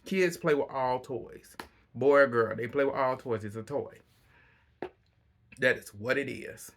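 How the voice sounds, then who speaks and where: A man casually recapping a reality TV episode, chatty and opinionated, breaking into animated asides. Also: medium pitch, a little slow, gravelly, a little hiss or hum.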